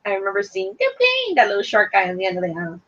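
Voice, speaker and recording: A woman in her thirties with a high, bright voice that swings all over as she bickers bluntly and playfully. The recording is dull and lo-fi. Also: wildly swooping pitch, very fast, gravelly. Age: 30s. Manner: teasing, blunt, swears playfully. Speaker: podcast co-host. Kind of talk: casual banter about reality TV.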